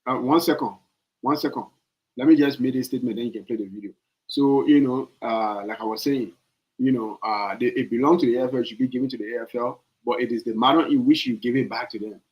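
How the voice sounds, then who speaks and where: A man's voice: fast, muffled recording. A man, hosting a political opinion podcast and pressing his points with emphatic repetition. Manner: swings from low, calm reading to loud, high-pitched urging. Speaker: podcast host. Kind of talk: political opinion commentary on a live stream.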